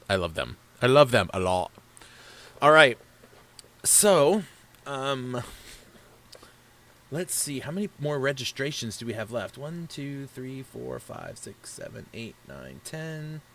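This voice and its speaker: A man's voice: mid-range voice, bright, forceful tone. A man hosting a casual live stream for a racing league, talking in a chatty, rambling way. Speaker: league race broadcaster.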